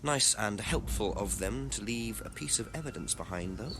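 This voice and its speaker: A polite detective from a live-action game, lilting delivery, noisy track. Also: male voice, on the low side, animated, moderate pace. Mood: calm. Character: calm male detective, methodical questioner. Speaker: investigator questioning villagers.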